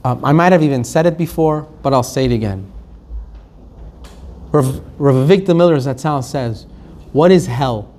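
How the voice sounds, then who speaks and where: A man's voice: mid-range voice, lively intonation, moderate pace, pauses often, a little mellow. A man teaching a Torah lesson, telling stories emphatically and acting out the quotes. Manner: emphatic storytelling, acts out quotes.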